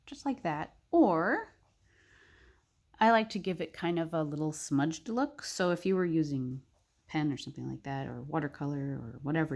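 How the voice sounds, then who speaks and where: A young woman narrating a casual drawing tutorial, chatty and thinking aloud with soft muttered asides. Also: deep voice.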